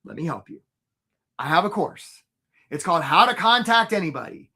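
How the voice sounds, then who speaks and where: Bright-voiced man coaching a live webinar. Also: high voice, animated, normal speed, husky. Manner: casual and upbeat, often asks "right?"; speaks straight to the viewers.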